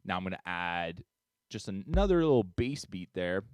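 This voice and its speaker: A man teaching a music tutorial, upbeat and chatty, counting beats out loud as he demonstrates. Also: deep voice, sing-song, moderate pace, background noise. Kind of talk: screen-share tutorial.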